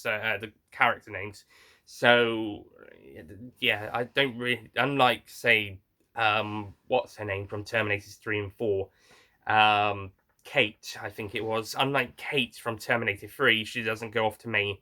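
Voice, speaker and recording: Bright-voiced man rambling through a film review. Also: mid-range voice. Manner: rambling, frank, with frequent restarts and blunt swearing. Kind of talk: casual spoken film review.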